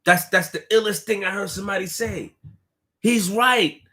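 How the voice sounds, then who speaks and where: A young man talking casually to his stream audience, full of street slang and repetition, swinging from quiet, low remarks to loud outbursts. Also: moderate pace. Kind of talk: casual live-stream rant.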